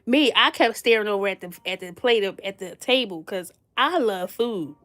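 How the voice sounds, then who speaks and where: A woman's voice: mid-range voice, expressive, normal speed, a bit bright. A woman telling a funny personal story in a casual, slangy way, laughing often and teasing playfully. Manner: slangy, chatty, addresses listeners directly.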